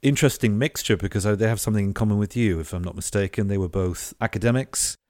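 Very deep-voiced thoughtful male host. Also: fast talker, darkish tone, no room sound, studio quality. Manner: thoughtful, hesitant with many fillers. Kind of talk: conversational interview.

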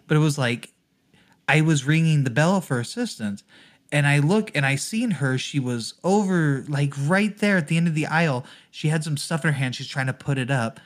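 Profane ranting man, slightly high voice. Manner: profane, ranting, laughs often. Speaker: podcast co-host. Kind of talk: casual crude chat.

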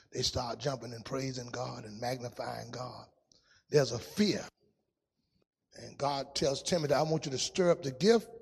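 A man preaching a testimony sermon in a sing-song style, dropping to a hush and rising to shouts. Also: mid-range voice, creaky, slightly rough, big-room sound.

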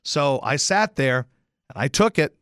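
Animated, bright-voiced ranting man. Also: mid-range voice, unhurried, smooth, dry recording, studio quality. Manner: animated, profane, sarcastic storytelling. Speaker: podcast host. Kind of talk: casual rant.

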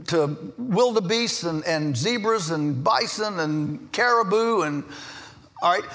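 A middle-aged farmer from Virginia giving a lively conference speech, an animated storyteller who slips in jokey asides. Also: male voice, sits high. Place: large conference hall. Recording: echoey hall with long reverb.

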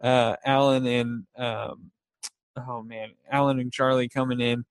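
A man's voice: medium pitch, little pitch movement, a little slow, smooth, no room sound. A young man chatting casually about favorite TV shows, rambling and laughing often as he acts out scenes.

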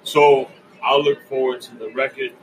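A man's voice: medium pitch, level tone, normal speed, noisy background. A man hosting a podcast, upbeat, giving advice and running through plugs as he signs off. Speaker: host. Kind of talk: podcast sign-off.

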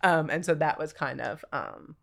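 A woman in her forties, a podcast guest telling her story in casual chat, animated and full of acted-out quotes and laughter. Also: deep voice, normal speed, vocal fry.

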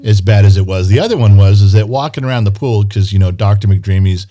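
A man's voice: fairly low pitch, quick pace. Grumbling storytelling man, casual chat. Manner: grumbling, animated storyteller, swears.

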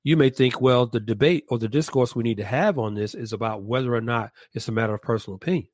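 A man talks through an idea in a reflective discussion, slowly building his argument and circling back to rephrase it. His voice sits in a middle register and comes across dry and close, with no room sound around it. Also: mid-range voice, a little mellow, dry recording. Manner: deliberate, restates and rephrases his points.

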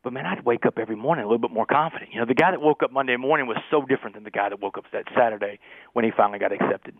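Fast-talking man on a phone line. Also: mid-range voice, no room sound. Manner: fast, animated storyteller, keeps saying "man". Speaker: podcast guest. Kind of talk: storytelling interview.

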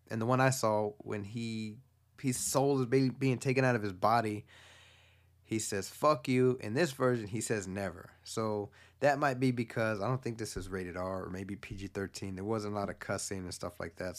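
A man casually recapping a movie plot in a rambling, profane way, full of fillers and restarts. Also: on the low side. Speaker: movie fan recapping a film.

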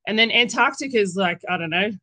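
An Australian woman talks as a guest on a podcast, bubbly and rambling. Her voice sits at a middle pitch and sounds dry and close, with no room around it. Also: animated, quick pace, pushed and bright, no room sound. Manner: bubbly, rambling, says "yous". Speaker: podcast guest, birth worker. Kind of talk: casual podcast chat. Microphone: remote call recording.

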